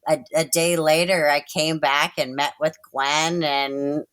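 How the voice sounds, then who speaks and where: A woman who works at a dog park and gallery, chatting in an interview, full of "you know" and soft laughs. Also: deep voice, little pitch movement, a little slow, clean tone. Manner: warm storytelling with frequent "you know" and light laughs. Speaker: staff member at Dog Mountain. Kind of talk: casual interview conversation.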